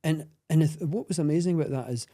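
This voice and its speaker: Earnest Scottish man, mellow voice. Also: on the high side. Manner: earnest, halting, many restarts. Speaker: guest. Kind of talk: personal storytelling in conversation.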